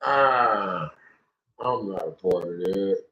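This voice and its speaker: An animated young man holds forth on a casual call-in stream, his voice swinging up and down as he rants, loose and profane. The sound is echoey and a bit dull, like a lo-fi room recording. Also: deep voice, takes it slowly. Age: young adult. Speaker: stream host.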